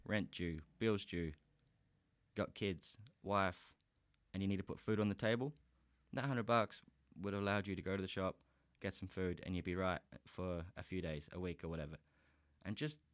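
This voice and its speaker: A man's voice: lowish voice, no echo. An Australian man hosting a podcast, giving a heated, profane solo rant. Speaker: podcast host.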